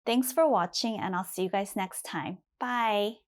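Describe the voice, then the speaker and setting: A woman's voice: medium pitch, measured pace. A young adult woman teaching beginner English, saying each example sentence twice in patient classroom drills. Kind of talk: slow, clear classroom drills for learners.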